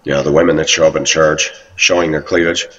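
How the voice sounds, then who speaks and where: A video blogger with a rumbling low, slightly rough voice and a fairly bright tone rambles quickly and flatly through a monologue about his life. He often quotes other people in a raised voice. The recording is muffled, distant, and lo-fi.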